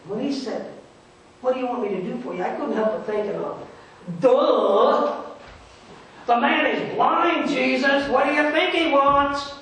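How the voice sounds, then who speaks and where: High-pitched, sarcastic merchant, dismissive, played by a man, first-person sermon monologue, echoey distant church mic. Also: expressive, fast, darkish tone. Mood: mocking. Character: scornful male merchant at the roadside, grumbling about beggars. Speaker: pastor. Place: church sanctuary.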